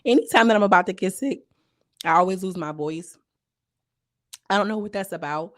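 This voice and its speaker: A young woman recapping a reality show in casual, slangy chat, her voice a little hoarse. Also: mid-range voice, fairly quick. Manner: chatty, slangy, animated retelling. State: slightly hoarse voice.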